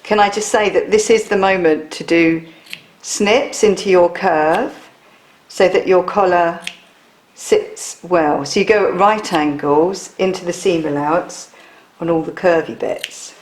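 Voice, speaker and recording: A woman's voice: fairly low pitch, steady tone, measured pace, reverberant. A woman chatting through a sewing tutorial, laughing often and poking fun at herself.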